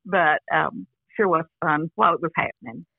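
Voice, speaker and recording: An older actress chatting casually as an interview guest over a phone line, rambling with restarts and frequent "you know". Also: female voice, deep voice, moderate pace, vocal fry, husky, dry recording. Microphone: phone call.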